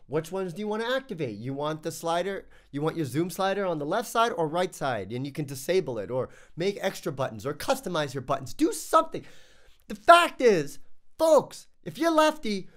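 A man reviewing tech gear in a casual vlog, ranting with exasperation and stumbling over restarts. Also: high-pitched.

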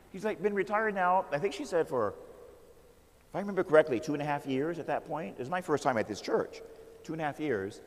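An American man, a Catholic priest, telling stories in an animated sermon and calling out "Amen?" to the crowd. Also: a little high, moderate pace, long pauses, big-room sound. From United States. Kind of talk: storytelling sermon.

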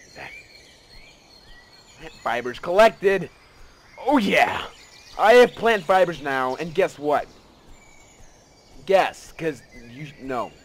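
An excitable man narrating his gameplay in a casual, rambling way, gasping at discoveries and poking fun at himself. His voice sits fairly high and swings widely in pitch. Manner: excitable, rambling, gasps and self-mocking asides. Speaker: let's play gamer.

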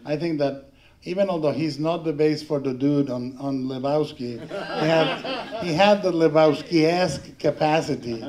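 A middle-aged man from Mexico speaking as a panelist at a film tribute, telling rambling, halting anecdotes with frequent restarts and laughter. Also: fairly high pitch, a little mellow. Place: panel before an audience.

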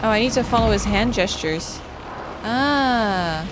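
A woman's voice: mid-range voice, lively intonation, measured pace, background noise. A young woman commenting on a game as she plays, swearing freely and cheering herself on. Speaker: gameplay streamer. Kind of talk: let's play commentary. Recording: game music behind voice. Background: game music and rain sounds.

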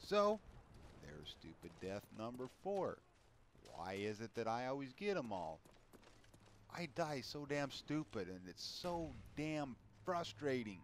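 A man's voice: mid-range voice, very animated, measured pace, slight background noise. A man commentating his own video game play in a frustrated, profane rant. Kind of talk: casual gameplay commentary. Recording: gameplay with loud gunfire behind. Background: game gunfire and clicks.

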